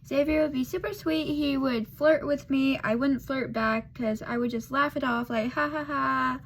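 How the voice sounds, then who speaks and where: A woman's voice: high voice, fairly even intonation, normal speed, a little hiss or hum. A woman vlogger telling a casual storytime while doing her makeup, rambling and losing her thread with lots of fillers.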